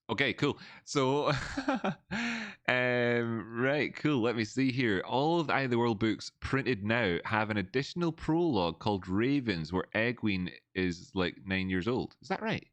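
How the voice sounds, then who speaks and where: A man's voice: mid-range voice, a little slow, a bit bright, no echo. A man hosting a casual livestream, rambling with many restarts and reading chat messages aloud. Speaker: livestream host. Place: old building, indoors.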